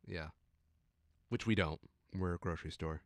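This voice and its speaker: A man's voice: low-pitched, moderate pace, no echo, studio quality. A young man co-hosting a casual podcast, telling a story with wry asides. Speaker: podcast co-host.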